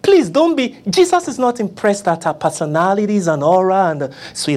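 A preacher delivering a sermon, pleading and acting out prayers, swinging from loud cries to hushed murmurs. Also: very animated, normal speed, hardly any pauses. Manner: acts out begging prayers in a low, soft voice.

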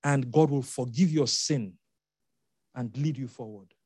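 A man's voice: mid-range voice, unhurried, darkish tone, slightly rough, dry recording. A man preaching a sermon, emphatic, repeating key phrases and making asides to the congregation.

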